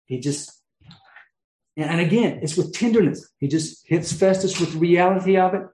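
A man's voice: high voice, normal speed, a little mellow. Earnest man preaching in an echoey room. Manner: earnest, restarts often, rises into emphatic peaks. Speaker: pastor. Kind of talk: sermon.

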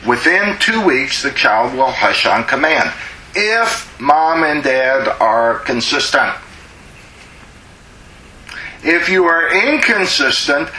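A man preaching a sermon as a pastor, slow and emphatic, drawing out words to press his points. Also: on the high side, sharp tone, reverberant, poor audio.

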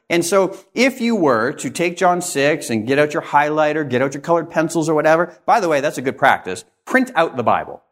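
A man's voice: fairly high pitch, very animated, moderate pace. A man preaching an expository sermon, with emphatic, rhythmic repetition.

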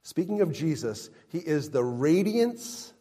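Male pastor, unhurried emphatic sermon delivery, voice ringing in a reverberant hall. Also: fairly high pitch, big pitch swings, warm tone. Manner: slow, emphatic preaching with rising and falling emphasis.

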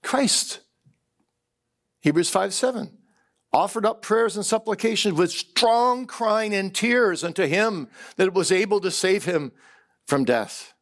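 Man, preacher, chapel sermon, earnest storytelling, gravelly voice, slightly high pitch. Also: takes it slowly. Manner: earnest storytelling, repeats words when excited. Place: chapel service.

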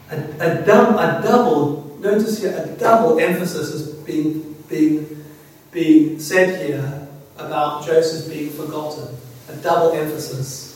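Earnest high-voiced man preaching in echoey hall. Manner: earnest, halting, repeats words, asks rhetorical questions. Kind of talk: expository sermon. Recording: very echoey hall, speaker far from mic.

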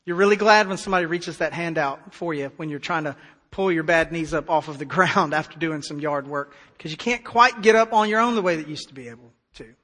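A man preaching a sermon as pastor, emphatic, swinging between hushed stretches and loud declarations. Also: fairly high pitch, brisk. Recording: long hall reverb.

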